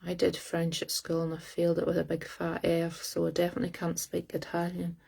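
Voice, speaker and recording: A woman hosts a live psychic reading, speaking into her phone. Her voice sits a little low and stays level, with little rise and fall. She talks haltingly and searches aloud for words as she goes. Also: monotone, creaky, darkish tone, husky. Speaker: psychic medium.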